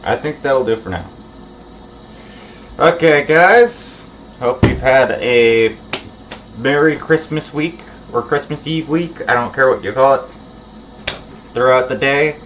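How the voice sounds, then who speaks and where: A man streaming a game, chatting casually and drifting into low mumbled asides. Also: slow pace, pauses often, a bit bright. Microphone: home streaming microphone. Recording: muffled lo-fi stream mic with faint hiss.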